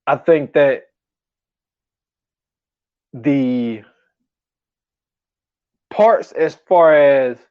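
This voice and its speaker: A man's voice: medium pitch, extremely slow, long pauses, no echo, narrow, tinny audio. A man co-hosting a casual movie podcast, talking in slang, laughing often and acting out scenes in quoted voices. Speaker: podcast co-host. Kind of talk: casual chat.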